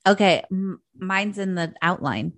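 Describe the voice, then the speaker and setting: A woman's voice: lowish voice, animated, unhurried, no room sound. A woman co-hosting a podcast in casual chat, emphatic, gossipy and profane. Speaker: podcast co-host.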